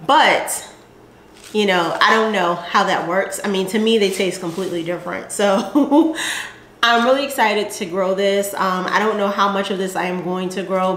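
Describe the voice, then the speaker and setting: A woman's voice: lowish voice, fairly bright tone, roomy sound, slight background noise. A woman hosting a gardening channel, chatting casually and rambling with lots of fillers as she shows her seed packets. She speaks with a Southern American accent.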